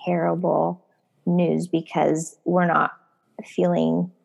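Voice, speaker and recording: A woman in her twenties or thirties who talks very slowly, with a gravelly fry in her lower voice. She coaches runners and hosts the chat, thinking aloud and softly repeating her words. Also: level tone, lo-fi sound. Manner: slow, reflective, repeats phrases softly. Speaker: running coach and podcast host. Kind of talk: casual conversation.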